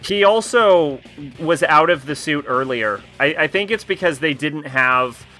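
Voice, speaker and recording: A man's voice: a little high, animated, a little slow, pushed and bright, soft background music. A man streaming a game, commenting casually in a chatty, joking way and swearing now and then.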